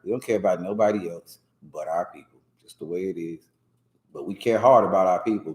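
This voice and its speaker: A man giving casual, animated commentary as instructor of a scripture class, laughing often and slipping into mock voices. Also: low-pitched, fairly quick, roomy sound, poor audio.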